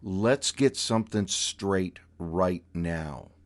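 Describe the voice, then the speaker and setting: A man voicing a genteel older aunt who is sweet-voiced but iron-willed, speaking in drawn-out endearments and slow, firm commands. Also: deep voice, animated, heavily acted. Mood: stern warning.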